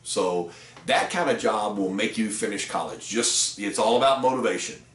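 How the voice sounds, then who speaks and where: A man's voice: on the low side, normal speed, a bit bright. A middle-aged man who trains car salespeople, telling a story in a casual, rambling way with fillers. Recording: roomy echo, distant mic.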